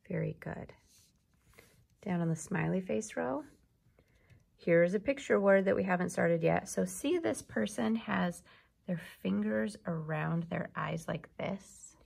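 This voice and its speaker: Slow, husky woman teacher. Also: lowish voice, expressive, a little mellow. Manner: slow, patient, sound-by-sound teaching. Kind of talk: early reading lesson.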